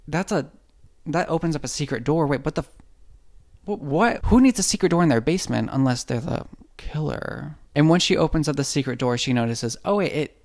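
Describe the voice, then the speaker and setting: Creaky-voiced man joking through a movie recap. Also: a little high. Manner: irreverent, joking, slangy, acts out characters' lines.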